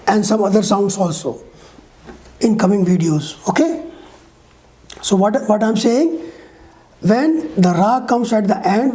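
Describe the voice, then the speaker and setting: Female teacher for a pronunciation lesson, unhurried, soft mellow tone, careful modeled sounds. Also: medium pitch. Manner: slow, deliberate, models each sound with examples; checks in with the learner often. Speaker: English teacher.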